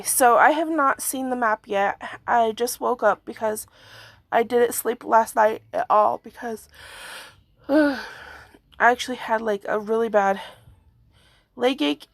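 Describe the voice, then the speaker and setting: A hoarse woman with a rambling manner, giving a casual video update on earthquakes. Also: a little high, unhurried, no echo. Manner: rambling, frequent fillers and yawns. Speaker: earthquake forecast vlogger.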